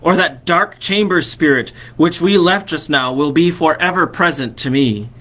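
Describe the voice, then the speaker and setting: A man's voice: fairly high pitch, normal speed, a bit bright. A man voicing a shaken old miser pleading with a spirit, in an urgent storytelling tone.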